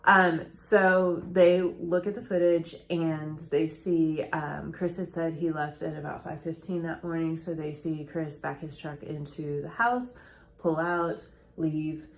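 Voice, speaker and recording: A woman's voice: low-pitched, flat delivery, unhurried. Woman telling a true-crime story. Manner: chatty, recounts events with quoted voices. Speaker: podcast co-host and storyteller.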